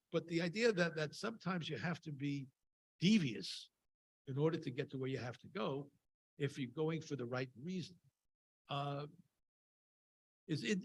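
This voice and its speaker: A man's voice: a little high, slightly rough, poor audio. A man giving an informal, conversational sermon at a synagogue service, wandering into wry asides as he retells a scripture story. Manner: conversational and digressive, with frequent fillers and wry asides. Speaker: speaker giving a Torah talk at a Shabbat service.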